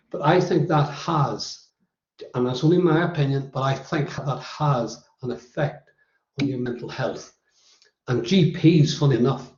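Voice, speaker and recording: A man's voice: mid-range voice, darkish tone. A man with a Northern Irish accent giving a motivational workshop talk, emphatically counting off his points one by one. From Northern Ireland. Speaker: workshop presenter. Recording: roomy, slightly dull recording.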